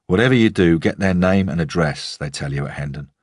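A man's voice: low voice, brisk, breathy edge, dry recording, studio quality. A man voicing a curt, guarded old groundsman with a mixed Russian and West Country accent, speaking in clipped, terse lines. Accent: Russian mixed with West Country English. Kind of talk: audiobook character voice.

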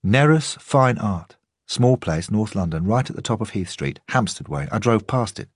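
Wren is a sharp, eager young policewoman, brisk and teasing, quick to insist on getting her way, as a male narrator voices her. The voice sits a bit higher than his own but keeps a husky grain. It is close and dry, an audiobook read. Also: lively intonation, dry recording. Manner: brisk, self-satisfied, insistent.

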